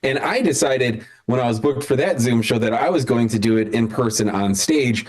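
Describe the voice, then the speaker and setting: A man's voice: mid-range voice, moderate pace. A man hosting an online comedy show, rambling and restarting, laughing at his own jokes. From Chicago area. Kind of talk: casual hosting banter on a video call.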